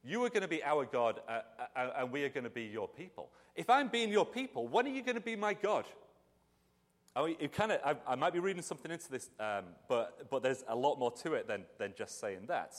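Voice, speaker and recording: Lively preacher in a reverberant hall. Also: male voice, medium pitch, fairly quick. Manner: animated, chatty, with restarts and asides. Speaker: pastor. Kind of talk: conversational sermon.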